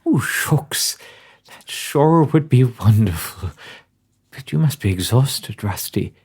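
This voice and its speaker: Man putting on a coy mob widow, drifting accent, lively swooping pitch, comedy radio play. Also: normal speed. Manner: wandering put-on accent, breathy and coy. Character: grieving female mobster's widow.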